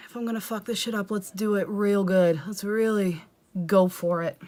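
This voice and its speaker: A woman's voice: on the low side, darkish tone. Profane, self-mocking woman vlogger. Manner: often drops into a whisper. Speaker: makeup vlogger. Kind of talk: casual comedic makeup tutorial.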